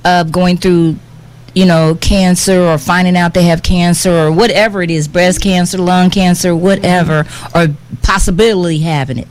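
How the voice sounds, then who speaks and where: A woman's voice: on the low side, fairly even intonation, normal speed, a little mellow. A middle-aged woman talking heartfelt and earnest, often repeating herself as she searches for words. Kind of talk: heartfelt conversational talk.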